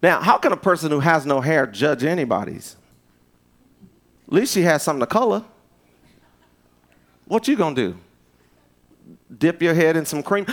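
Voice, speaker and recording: Guy preaching like he's just talking to you, voice jumps high then drops low. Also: expressive, normal speed, pauses often. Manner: conversational preaching, restarts and asides, swings from loud to hushed. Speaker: pastor. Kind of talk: sermon.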